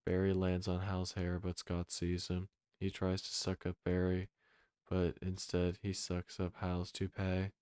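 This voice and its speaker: Deep, sleepy male narrator, droning comic script read, slow and dark. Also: smooth, no room sound, studio quality. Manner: drowsy monotone.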